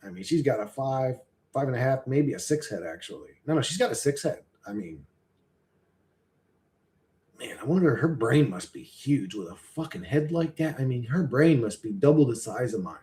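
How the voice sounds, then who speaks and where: A man's voice: medium pitch, animated, normal speed, warm tone. A man in a casual, rambling live-stream chat, swearing freely and chuckling often as he talks.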